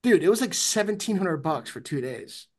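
Podcast host, guy with a slightly high voice, hyped and swearing casually. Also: normal speed. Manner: excitable, swears freely. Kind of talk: casual chat.

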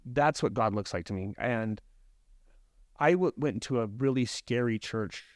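A man's voice: mid-range voice, moderate pace, no room sound, studio quality. A man speaking as a podcast guest and life coach, talking in an earnest, reflective way with frequent restarts. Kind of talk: casual podcast conversation.

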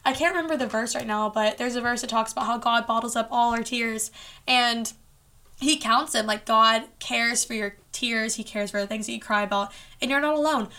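Earnest woman podcast host, casual faith talk, higher bright voice, chatty fillers. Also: a little fast.

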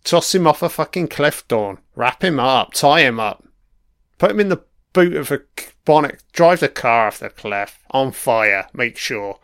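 A man's voice: mid-range voice, lively intonation, unhurried, a bit bright, clean tone, no echo, clean studio sound. A man giving a profane, mocking watch-along commentary on a TV episode, heckling the characters on screen. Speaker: film commentator.

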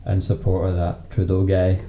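A man's voice: low-pitched, monotone, moderate pace. A man co-hosting a podcast in casual chat, mostly giving short reactions and dry asides. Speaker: podcast co-host. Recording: echoey room with faint noise.

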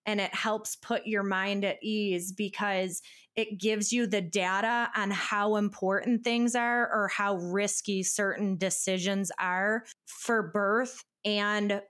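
A woman's voice: medium pitch, steady tone, slow, a bit bright. Casual woman podcast co-host. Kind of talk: casual chat.

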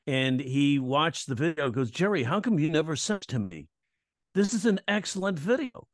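A man's voice: on the high side, normal speed, no room sound, clean studio sound. A man, a comedian and comedy coach, telling stories in a casual interview and acting out the voices of the people he quotes. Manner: animated, acts out quoted voices. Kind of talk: casual storytelling chat.

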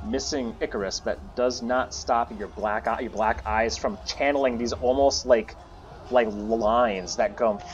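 Man running a tabletop game. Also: medium pitch. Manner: casual, swears often. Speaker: game master. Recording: muffled audio with music.

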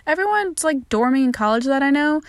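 A woman's voice: high voice, expressive, a little fast, dry recording, clean studio sound. A young woman hosting a podcast, telling a candid, self-deprecating, sweary story of her first day of college in a casual monologue. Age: young adult. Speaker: podcast host.

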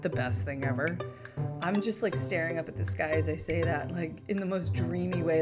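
A woman's voice: on the low side, normal speed, over loud music. A woman hosting a podcast, chatting in a bubbly, enthusiastic way that rambles with fillers. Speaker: podcast host.

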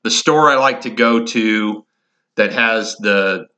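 Rambling man with a bright voice. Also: lowish voice, slow pace. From Indiana. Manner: rambling, many restarts, chuckles. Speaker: podcast host. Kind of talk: casual storytelling monologue.

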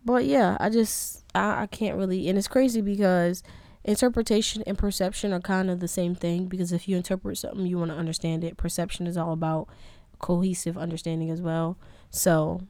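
A woman's voice: on the low side, steady tone, a little fast, warm tone, no room sound. A young woman hosting a podcast, talking through her own flaws in a candid, rambling, self-critical monologue. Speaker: podcast host. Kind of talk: casual reflective monologue.

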